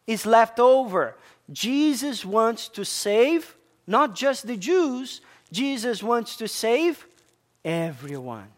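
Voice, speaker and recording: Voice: mid-range voice, fairly bright tone. A preacher delivering a sermon, stressing and repeating key words and asking the congregation questions. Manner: emphatic, repeats key words, addresses listeners as church.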